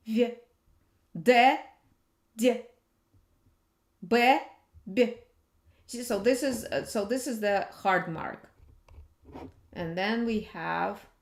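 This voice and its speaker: Very slow-speaking woman teaching pronunciation. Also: mid-range voice. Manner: patient, repeats sounds slowly to demonstrate. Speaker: language teacher. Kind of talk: slow alphabet lesson. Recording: echoey room.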